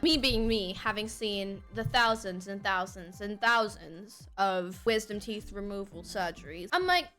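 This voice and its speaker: A young woman streamer telling a story casually, animated and swearing, laughing often. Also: mid-range voice, measured pace, faint music behind.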